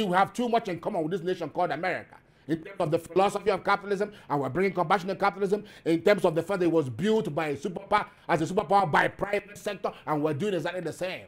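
A man preaching his case to viewers in a high, swooping voice. He hammers points through repetition and rhetorical questions, and climbs to emphatic peaks. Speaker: host.

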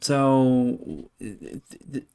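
Gravelly-voiced guy reacting with disgust. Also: mid-range voice, animated, very slow, warm tone. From United States. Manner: blunt, swearing, disgusted, skims and reads aloud. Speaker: vlogger. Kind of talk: casual reaction commentary.

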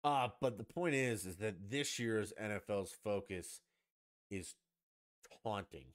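A man's voice: fairly low pitch, slow. A man hosting a solo podcast, ranting in a profane, sarcastic and argumentative way. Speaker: podcast host.

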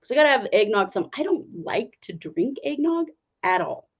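A middle-aged woman chats as a podcast co-host, animated and quick to laugh or get riled up. Her pitch swings a lot, and the sound is a little dull and lo-fi. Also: breathy edge. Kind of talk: casual chat.

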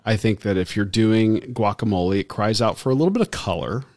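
A man's voice: on the low side, a little fast, darkish tone, no room sound. A man co-hosting a podcast, easygoing and agreeable in a casual chat about food. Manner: easygoing, agreeable, repeats words. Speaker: podcast co-host.

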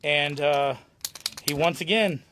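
A man co-hosting a live autograph show, laughing easily and teasing the guest. His voice is a touch high, with a faint hiss behind it. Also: slow pace, a bit bright. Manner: laughing, playful ribbing. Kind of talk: casual live-stream banter.

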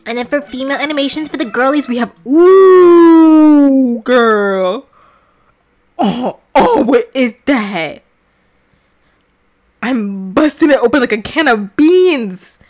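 A young woman reacting loudly while playing a game, laughing and shrieking in playful shock. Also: high-pitched, moderate pace. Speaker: gaming vlogger.

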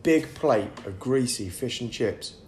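A man with a lively, swinging voice, cracking jokes and teasing through a casual beer-tasting chat. He sounds like he is in an echoey room, with a faint hum of noise behind him. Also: mid-range voice, measured pace. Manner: jokey, bantering, animated. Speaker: podcast co-host. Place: indoors at a pub.

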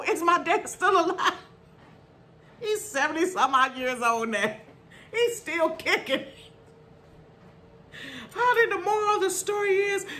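A middle-aged woman tells a story to her viewers in an animated, laughing way. Her voice sits high and leaps all over the place. She keeps calling her audience y'all and honey. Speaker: vlogger.

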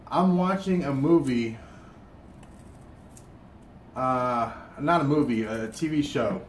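A man's voice: mid-range voice, a little slow. A man with a Southern US accent chatting casually as he cooks, rambling with many restarts and fillers. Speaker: cooking vlogger. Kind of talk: casual chat while cooking. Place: hotel room. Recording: roomy, distant mic, faint room hum.

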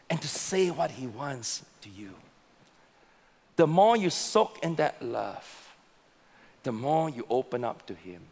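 A male pastor preaching a sermon with slow, emphatic delivery and repeated words. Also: a little high, a little mellow. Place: large church auditorium. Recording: long reverb of a large hall.

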